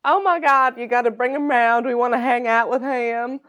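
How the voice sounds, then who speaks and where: A woman voicing excited rock band members in a put-on Southern US accent, gushing at a dog. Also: moderate pace, dry recording, lightly acted. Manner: gushing, high-pitched excitement.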